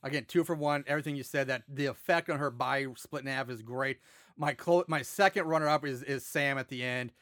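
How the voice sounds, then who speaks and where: A man co-hosting a casual horror movie podcast, retelling the plot in an animated, profane way. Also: medium pitch, fairly quick, no echo, clean studio sound. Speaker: podcast co-host. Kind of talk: casual movie recap chat.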